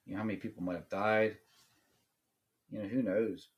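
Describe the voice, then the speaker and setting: A man's voice: on the low side, steady tone, moderate pace, muffled recording. A man from Pennsylvania co-hosting a podcast, mostly giving short, easygoing replies in casual chat. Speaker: podcast co-host.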